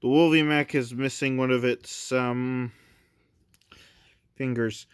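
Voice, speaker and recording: A young man talks in an unhurried, halting ramble full of ums and self-deprecating asides. He sounds tired from the late hour. His voice is smooth and clean, with a close, dry sound. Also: mid-range voice, steady tone, no room sound. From Canada. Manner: hesitant, rambling, self-deprecating, many fillers. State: tired, recording late at night. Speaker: toy reviewer. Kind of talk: casual review vlog.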